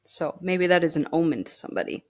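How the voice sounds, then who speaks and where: Lower-voiced woman giving a card reading. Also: very animated, fast talker. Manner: chatty, addresses viewers directly with "you know" asides. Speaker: tarot and oracle card reader. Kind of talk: casual card reading, reading card text aloud.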